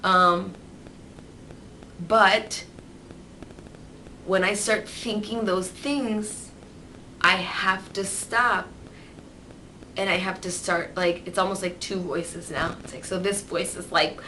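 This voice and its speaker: A woman vlogging candidly, rambling and swearing freely, turning lively when she mimics others. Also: mid-range voice, slow, pauses often, slight background noise, poor audio. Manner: animated, mimics voices in quotes. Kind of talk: candid personal vlog.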